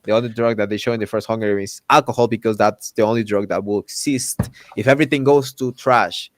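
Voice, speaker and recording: Animated man ranting. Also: on the low side, fast, a little hiss or hum. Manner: animated, indignant, many restarts. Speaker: host. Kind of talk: casual podcast rant.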